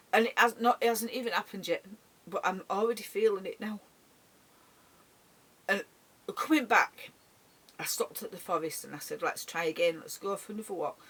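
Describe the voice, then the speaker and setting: A middle-aged woman talks straight to camera in a personal vlog. She speaks haltingly and emotionally, stumbling and repeating words as she goes. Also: medium pitch, a bit bright, slightly rough. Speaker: vlogger.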